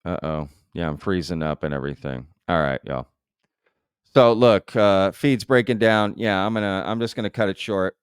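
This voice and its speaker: Deep-voiced man hosting a live stream. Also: moderate pace, clean tone, dry recording, studio quality. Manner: loose and conversational, full of fillers. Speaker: show host. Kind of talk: casual live-stream chat. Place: home live-stream setup.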